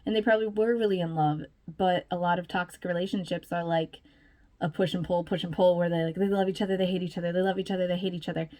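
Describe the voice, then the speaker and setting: A woman's voice: on the low side, steady tone, fast, a little mellow. A woman vlogger giving casual, chatty commentary, full of fillers and little laughs.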